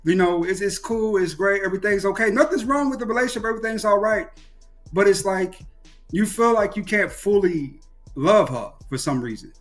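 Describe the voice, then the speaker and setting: A man with a notably high voice chats on a live stream. He talks in a reflective, preachy way. Faint music sits in the background. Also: moderate pace. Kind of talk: casual live-stream chat.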